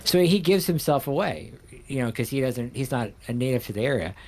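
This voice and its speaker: A man's voice: mid-range voice, expressive, brisk. A man from New York hosting a casual livestream, asking questions in a rambling, enthusiastic way.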